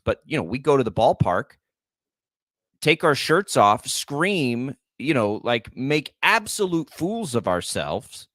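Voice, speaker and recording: A man's voice: medium pitch, very animated, takes it slowly, a bit bright, dry recording. A man in his forties co-hosting a sports radio show, chatting casually, rambling and heartfelt, with many restarts, into a studio microphone.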